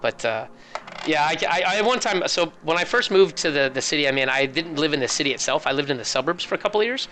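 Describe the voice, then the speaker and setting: Bright-voiced rambling male caster. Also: a little high, lively intonation, fast talker, a little hiss or hum. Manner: rambling, joking, storytelling. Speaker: esports caster. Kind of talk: casual chat.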